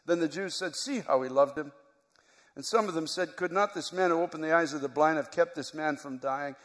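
A man preaching a sermon, moving from quiet, reflective teaching to loud, impassioned preaching. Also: on the high side, brisk. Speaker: pastor. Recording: long hall reverb.

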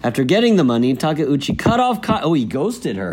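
A man's voice: on the high side, huge pitch swings, brisk, few pauses, a little mellow, slightly rough. A man hosting a casual podcast who reads news items aloud and adds dry asides. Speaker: host.

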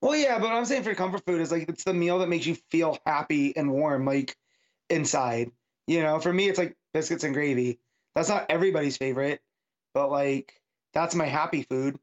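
A man's voice: a little high, normal speed. Male co-host, enthusiastic and chatty, muffled lo-fi sound. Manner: chatty, enthusiastic, frequent fillers. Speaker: podcast co-host. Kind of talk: casual comic book discussion.

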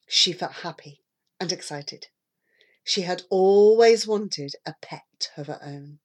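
A woman reading a children's story aloud, with a lively, expressive delivery. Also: on the low side, takes it slowly.

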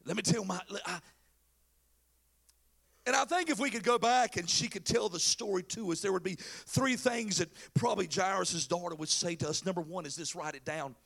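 A pastor delivers a sermon in an animated, storytelling way, slipping into casual slang voices for the people in the story. His voice sits very high for a man and has a gravelly edge. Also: normal speed.

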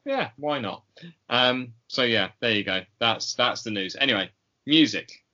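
A man co-hosting a podcast in casual chat, slow and hesitant with many ums and pauses. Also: mid-range voice, pushed and bright, highs cut off. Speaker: podcast co-host.

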